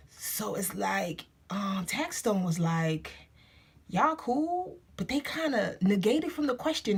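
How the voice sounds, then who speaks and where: Husky-voiced woman vlogging casually. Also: medium pitch. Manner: opinionated, candid, drops to whispered asides. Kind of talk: casual chatty vlog. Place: at home indoors.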